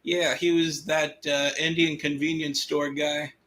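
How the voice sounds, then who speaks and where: A man co-hosting a casual stream chat, talking slowly with many filler pauses. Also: on the high side, flat delivery, a bit bright, slight background noise. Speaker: co-host.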